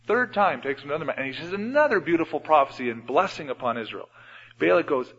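A man preaching a sermon in a church, retelling Bible stories and often changing his loudness. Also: on the high side, expressive, quick pace, slightly rough. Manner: storytelling, acts out Bible scenes with shifts in loudness. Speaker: pastor. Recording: dull radio broadcast with long hall reverb.

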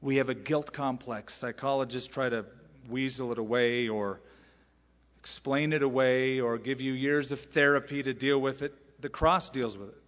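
A man's voice: mid-range voice, steady tone, moderate pace, a bit bright. Emphatic male pastor in a reverberant hall. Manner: emphatic, uses rhetorical questions and asides. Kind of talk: expository sermon. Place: large church sanctuary. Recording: long reverb in a large hall.

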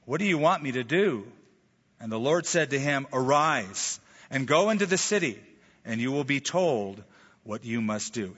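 A man's voice: on the high side, a bit bright, slightly rough. A man preaching a sermon from America, telling stories with animation and acting out quoted voices. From United States. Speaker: pastor. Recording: dull, reverberant hall sound.

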